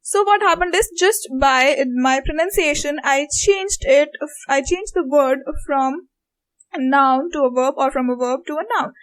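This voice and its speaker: A woman's voice: sits high, unhurried, low-quality recording. A woman from India with an Indian English accent, patiently explaining a lesson and repeating example words aloud. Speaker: teacher. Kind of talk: online lecture explanation.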